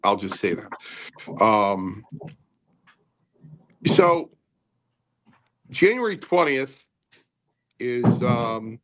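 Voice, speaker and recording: An older man, a host and former wrestler, talking in a halting, rambling casual way with many fillers and repeats. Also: mid-range voice, big pitch swings, a bit bright, slight background noise.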